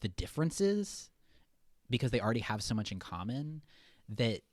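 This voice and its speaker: A man's voice: mid-range voice, moderate pace, dry recording. A young man casually talking through a film as a podcast co-host, rambling with many fillers. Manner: relaxed, rambling, lots of fillers. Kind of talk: casual movie discussion.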